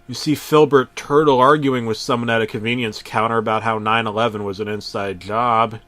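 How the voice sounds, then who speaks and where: A man narrating a parody horror story in a deadpan voice, breaking into sudden shouted outbursts and swearing. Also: medium pitch, brisk.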